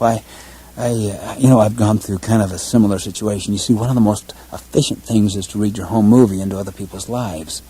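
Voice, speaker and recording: A man's voice: lowish voice, fairly even intonation, fairly quick, dark tone, husky, poor audio. A man giving a leadership lecture, telling a story by acting out his own thoughts and mocking himself. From United States. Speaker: leadership seminar speaker. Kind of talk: lecture with acted-out anecdote.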